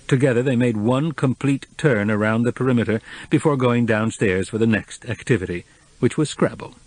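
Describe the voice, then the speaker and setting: A man narrating an audiobook in a measured, even storytelling voice. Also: medium pitch, no echo.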